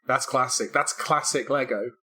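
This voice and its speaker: A man with a bright, forward voice talks loosely on a casual podcast. He rambles, restarts his sentences and pokes fun at himself, with fillers scattered throughout. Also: mid-range voice, moderate pace, slightly rough. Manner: rambling, self-deprecating, many fillers and restarts. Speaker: podcast co-host, game developer. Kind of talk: casual chat.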